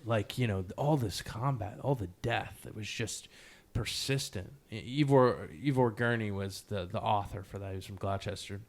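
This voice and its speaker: Guy with a lowish voice chatting on a podcast, lots of um and you know, laughs at himself. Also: creaky. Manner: animated, laughs at himself, many fillers; slow, measured poetry reading. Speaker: podcast guest. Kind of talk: casual storytelling interview.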